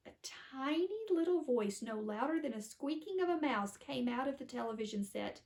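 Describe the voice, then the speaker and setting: A woman narrating a children's storybook aloud in an expressive, animated way. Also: sits high, moderate pace, few pauses.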